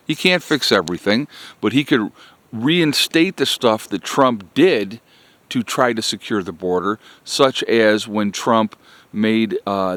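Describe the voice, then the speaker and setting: A man's voice: lowish voice, a bit bright, no room sound. Exasperated man ranting to viewers. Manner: exasperated, repetitive, keeps addressing "folks". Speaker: political commentary vlogger. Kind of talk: blunt political rant to viewers.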